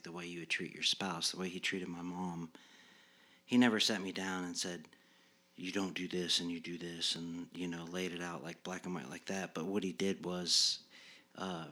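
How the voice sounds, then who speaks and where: Very deep, bright-toned man reflecting. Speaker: podcast co-host. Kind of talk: reflective casual conversation.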